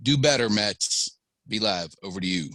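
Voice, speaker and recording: A man's voice: fairly low pitch, lively intonation, normal speed, a bit bright, dry recording, rough recording. A man co-hosting a sports podcast, running through stats in a matter-of-fact way. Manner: stat-heavy, matter-of-fact rundown. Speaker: podcast co-host. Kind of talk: casual sports banter.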